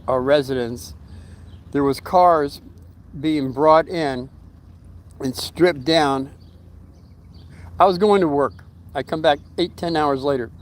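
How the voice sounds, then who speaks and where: A middle-aged man telling a long story in a casual vlog at his home, rambling with fillers and restarts, and briefly acting out the voices of the people in it. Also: a little high. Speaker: storyteller vlogger.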